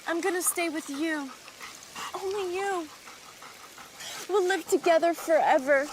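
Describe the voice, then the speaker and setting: Brief: tearful lovesick heroine, unhurried, in a noisy movie clip. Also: female voice, extremely high pitch. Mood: earnest. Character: heartbroken young woman, lovesick heroine.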